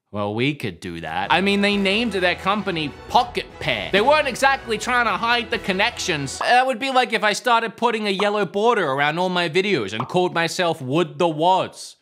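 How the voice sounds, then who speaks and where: Brief: young Australian man, comedic host, lively sarcastic delivery, soft music bed. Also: high-pitched. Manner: sarcastic, jokey rants. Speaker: gaming YouTube host. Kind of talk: comedic video commentary.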